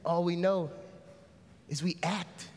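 A man preaching a sermon in a lively, casual style, calling out to the congregation for a response. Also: high voice, slow. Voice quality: casual, conversational phrasing. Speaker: pastor. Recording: hall reverb.

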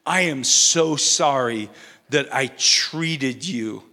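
A man voicing a contrite male parrot who apologizes slowly and solemnly, told as a joke in a sermon. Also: mid-range voice, sharp tone, voice pushed down, exaggerated voice. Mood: humbly sorry. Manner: slow, solemn, humble apologizing. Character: contrite, formerly foul-mouthed pet parrot, male. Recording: long reverb of a large hall.

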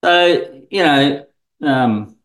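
A man's voice: a little high, expressive, drawn-out words, fairly bright tone, low-quality recording. Rambling swim coach, man. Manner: rambling, many fillers and restarts. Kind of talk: casual podcast chat.

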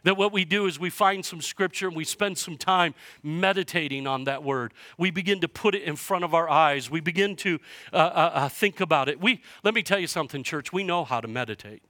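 A man preaching a sermon as pastor to his church, passionate and swinging from hushed to loud. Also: fairly high pitch, a little fast, no echo, clean studio sound. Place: church sanctuary.

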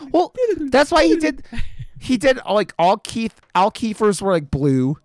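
Man, 30s, casual chat, lively swooping voice, dry close sound, swears a lot. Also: high voice, a little slow, no room sound. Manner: rambling, swears freely, lots of fillers.

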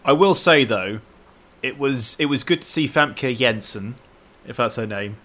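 Lively bright-voiced man chatting. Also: mid-range voice. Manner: halting, many restarts, laughs often. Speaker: podcast co-host. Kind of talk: casual film podcast chat.

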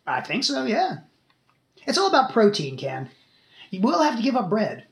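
A man's voice: high-pitched, huge pitch swings, moderate pace, vocal fry. A man hosting a casual podcast, chatty and swearing freely as he talks. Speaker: podcast host. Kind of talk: casual chat. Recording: echoey room.

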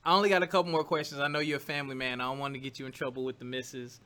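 A man's voice: mid-range voice, little pitch movement, racing, pushed and bright, clear, resonant tone. A man hosting an interview, asking easygoing questions in a casual chat. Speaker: interview host.

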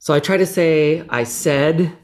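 A man who is a guest on a podcast, talking in a casual, animated way with frequent restarts and big pitch swings. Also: unhurried. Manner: animated, self-interrupting, lively pitch swings. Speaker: podcast guest, former actor. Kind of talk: casual chat.

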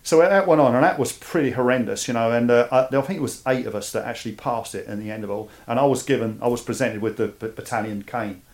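A man from East London with a Cockney accent, a guest telling his story in a casual interview. He speaks in an animated way and often repeats words as he starts a thought. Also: mid-range voice, quick pace, hardly any pauses. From East London, England. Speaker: guest, army veteran.

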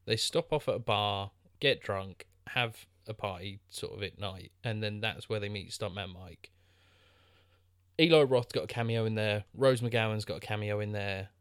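A man's voice: on the low side, normal speed, fairly bright tone, smooth, dry recording, studio quality. A man co-hosting a podcast, chatting casually about a film with many restarts and fillers. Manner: rambling, lots of restarts and fillers. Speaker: podcast co-host.

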